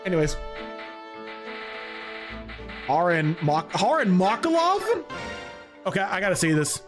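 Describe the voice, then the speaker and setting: A man streaming a video game, rambling and joking with chat in a loose, animated way. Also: high-pitched, unhurried, pauses often, faint music behind. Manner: animated, rambling, jokey, laughs often. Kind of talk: live gaming commentary.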